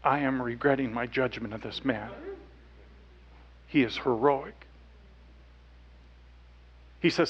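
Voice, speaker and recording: A man speaking on stage, telling a personal story earnestly, dropping to hushed tones at times. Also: medium pitch, slow pace, long pauses, breathy edge, lo-fi sound. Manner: earnest, with quiet hushed stretches. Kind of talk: emotional storytelling talk.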